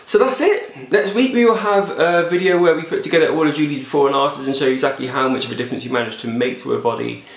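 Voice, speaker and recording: A man hosting a fitness vlog, giving sarcastic and animated commentary on news stories. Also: medium pitch, quick pace, few pauses, echoey room. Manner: animated, sarcastic, jumps into silly voices. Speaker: fitness show host.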